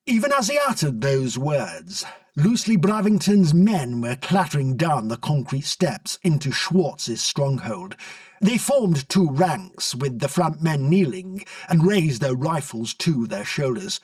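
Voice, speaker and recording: A man narrating a comic story in an expressive storybook reading, recorded dry from a distance. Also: fairly high pitch, measured pace, dry recording.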